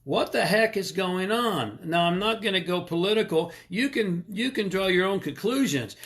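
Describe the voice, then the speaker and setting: A man's voice: high voice, animated, normal speed, fairly bright tone. Emphatic middle-aged man on a livestream. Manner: emphatic, rhetorical questions, greets viewers by name. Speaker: livestream host. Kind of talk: motivational livestream talk. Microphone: live stream camera mic.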